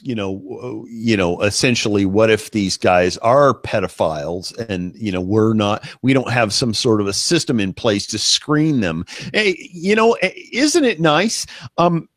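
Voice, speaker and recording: A man co-hosting a talk show, chatting casually with a sarcastic, halting manner. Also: medium pitch, fairly bright tone, no echo, clean studio sound. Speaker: co-host. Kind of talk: casual chat.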